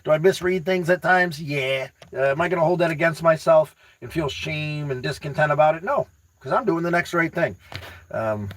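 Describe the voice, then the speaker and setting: Excitable man chatting on a livestream. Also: fairly high pitch, slight background noise, low-quality recording. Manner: excitable, rambling, repeats words; addresses viewers by name, teasing. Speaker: livestream host reading chat. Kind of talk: casual motivational livestream chat.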